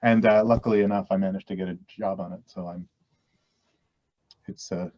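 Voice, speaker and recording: A man's voice: low voice, fairly even intonation, normal speed. Rambling Canadian man, dull lo-fi audio. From West Coast Canada. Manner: rambling, self-deprecating, frequent restarts. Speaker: actor guest. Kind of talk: casual interview chat.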